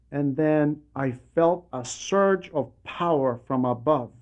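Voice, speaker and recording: A man reads aloud a translated radio talk, telling a story earnestly. His voice sits a little high for a man. He turns to address the listener directly at points. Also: darkish tone.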